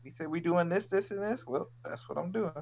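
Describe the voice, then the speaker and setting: A man's voice: high voice, a little fast, creaky, darkish tone, slight background noise. Laid-back man on muffled lo-fi audio. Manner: laid-back, swears freely. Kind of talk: casual chat. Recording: dull lo-fi audio.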